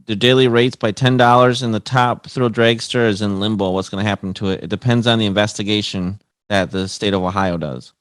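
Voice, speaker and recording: A man's voice: on the low side, steady tone, a little fast, hardly any pauses, a bit bright, no echo. A man co-hosting a comedy podcast, chatting casually and reasoning his answers out at length. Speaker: podcast co-host. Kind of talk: casual banter.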